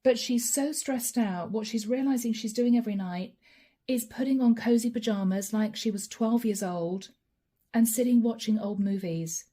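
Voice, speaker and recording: A woman's voice: a little high, moderate pace, mellow. A woman giving a channeled tarot reading, talking straight to the viewer in a musing, reassuring way. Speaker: tarot card reader.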